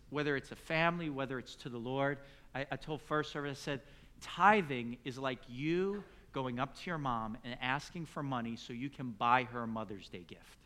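A middle-aged man preaching a sermon, telling a story and acting out the dialogue, building to loud emphatic peaks. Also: medium pitch. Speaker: pastor.

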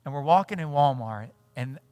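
Middle-aged male pastor, storytelling sermon, lively, dry close mic. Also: mid-range voice, normal speed, dry recording. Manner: animated storytelling, acts out dialogue. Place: church sanctuary.

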